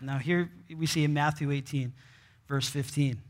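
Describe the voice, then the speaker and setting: A man preaching a sermon in a somewhat high voice, reading scripture aloud. He keeps posing rhetorical questions to the congregation and answering them himself, restarting his sentences often. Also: steady tone, moderate pace. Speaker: pastor.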